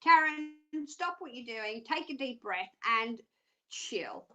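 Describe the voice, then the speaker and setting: A woman's voice: on the high side, lively intonation, slow pace, sharp tone, poor audio. An Australian woman presenting live psychic readings on television, chatty and self-mocking with frequent giggles. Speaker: psychic phone-line presenter.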